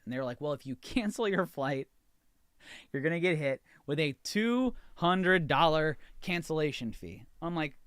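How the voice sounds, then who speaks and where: Clean studio sound with no room echo carries a fairly high, slightly bright voice with lively intonation at a moderate pace. The speaker, an American man hosting a podcast, vents about a frustrating episode and impersonates both sides of the conversations.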